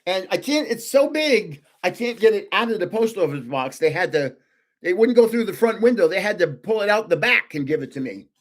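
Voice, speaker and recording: A man's voice: high voice, animated, fairly quick. An older man hosting a casual livestream, rambling through anecdotes and chuckling often between sentences. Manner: rambling anecdotes told with self-corrections. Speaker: host of a trading card livestream. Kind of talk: casual livestream chat with storytelling.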